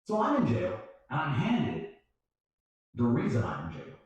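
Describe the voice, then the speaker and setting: Echoey, animated man telling a story. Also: medium pitch, normal speed. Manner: profane, emphatic, acts out quoted voices. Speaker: guest storyteller. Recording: very echoey room.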